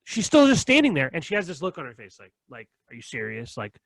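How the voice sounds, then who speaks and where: A man's voice: high voice, wildly swooping pitch, fast talker, a bit bright, dry recording. A young man co-hosting a podcast, telling a long story with lots of swearing and acting out both sides of an argument. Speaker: podcast co-host. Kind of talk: casual storytelling chat.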